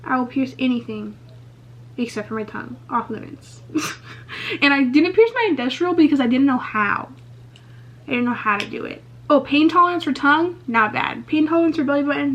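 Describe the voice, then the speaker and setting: Young woman vlogger, high voice, super candid, swears a lot, says like constantly, kinda muffled lo-fi audio. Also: a bit bright. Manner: chatty, candid, swears freely, lots of "like" and "um". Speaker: beauty vlogger. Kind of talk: casual get-ready-with-me Q&A chat. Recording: slightly muffled lo-fi recording.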